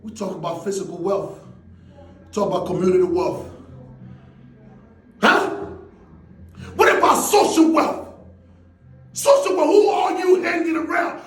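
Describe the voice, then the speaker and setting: A man with a very high voice delivers a motivational speech with intense, shouted energy. He fires off rhetorical questions one after another. The sound rings around an echoey room. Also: fairly even intonation, measured pace, pauses often. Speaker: motivational speaker.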